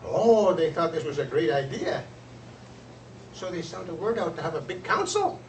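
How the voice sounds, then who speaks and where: A man telling a traditional folk tale aloud in an expressive storyteller's manner. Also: on the high side, moderate pace, slight background noise. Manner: expressive, lively voices for characters. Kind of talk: oral storytelling. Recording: roomy, distant, faint ambience.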